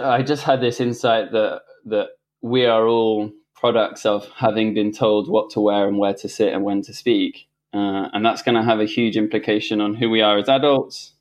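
Telling a personal story in casual conversation, a male podcast guest with a lowish voice sounds animated and reflective. He often restarts his sentences and laughs.

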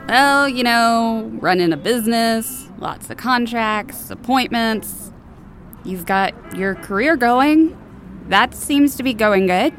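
A woman voicing a nervous, evasive female demon who is a mother in an audio drama, speaking in a hesitant, halting way. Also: on the high side, expressive, a bit bright, soft background music.

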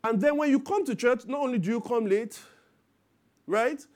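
A man in his thirties preaching a sermon as pastor, lively and acting out parents and children in quoted voices. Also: very high voice, normal speed.

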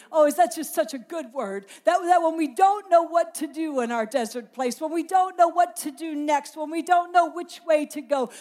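Female preacher, high-pitched, passionate sermon with emphatic repetition. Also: darkish tone.

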